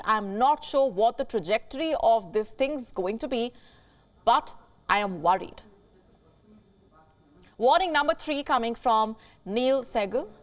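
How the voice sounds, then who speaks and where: Emphatic woman reading news commentary. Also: a little high. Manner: emphatic, rhetorical questions to viewers. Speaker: news anchor.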